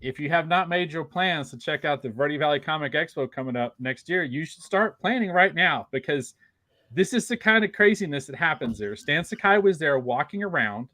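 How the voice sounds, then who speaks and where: A man hosting a podcast, gushing with excitement and stumbling over his words in casual chat. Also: a little high, normal speed, dry recording. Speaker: podcast host.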